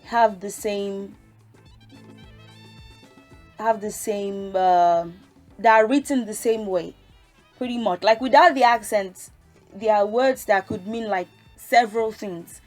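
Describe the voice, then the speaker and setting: A woman teaches a language lesson, speaking slowly and carefully. She recites the letters one by one and then explains them in a relaxed, chatty way. Her pitch sits in a middle range, and faint music plays behind her. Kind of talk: casual spoken lesson.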